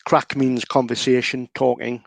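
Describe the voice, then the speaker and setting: Geordie man, gravelly, dry close sound, relaxed local-guide chat. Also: medium pitch, no room sound. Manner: relaxed, explains slowly with many fillers. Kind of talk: casual explanatory chat.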